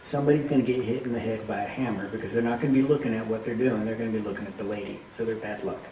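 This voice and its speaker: A man tells a spooky tour story in a warm, mellow voice, acting out the lines of the people in it. His voice rings in a roomy underground tunnel. A faint hiss sits under it all. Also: lowish voice, racing. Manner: animated retelling with acted quotes. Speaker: tour guide. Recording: echoey tunnel, faint noise.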